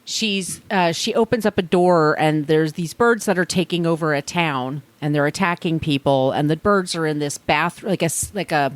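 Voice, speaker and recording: A woman's voice: sits low, normal speed, hardly any pauses, no room sound. A woman hosting a podcast, chatting casually and telling stories in a loose, rambling way with asides. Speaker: podcast host. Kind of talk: casual chat, storytelling.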